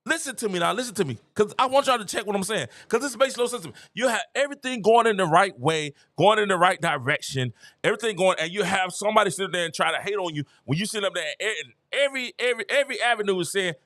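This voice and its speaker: A middle-aged man with a very high, bright voice that swings widely as he rants to his live-stream viewers. He is animated and preachy and hammers his points home by repeating phrases. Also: fast talker, hardly any pauses. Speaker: live-stream show host. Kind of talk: casual opinion rant to viewers.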